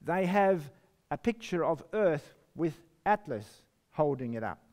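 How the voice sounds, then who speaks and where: A man preaching in a slow, deliberate way. His voice sits a little high and swings widely in pitch. He reads scripture with strong, emphatic stresses. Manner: slow, emphatic preaching with lively rises and drops. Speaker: pastor. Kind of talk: sermon.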